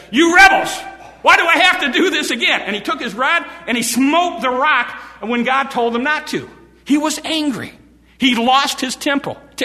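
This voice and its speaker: A man's voice: high-pitched, pushed and bright. A man preaching a sermon with emphasis, repeating key phrases for stress. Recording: long hall reverb.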